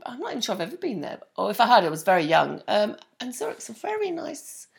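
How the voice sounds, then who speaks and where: Fast-talking, gravelly-voiced woman. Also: fairly high pitch, huge pitch swings. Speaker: podcast co-host and comedian. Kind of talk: casual chat.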